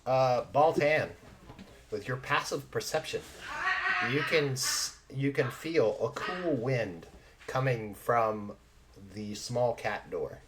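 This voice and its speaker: A man narrating as game master in a tabletop game over voice chat, animated and laughing often while he describes scenes. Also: mid-range voice, takes it slowly, noisy background. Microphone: online voice call.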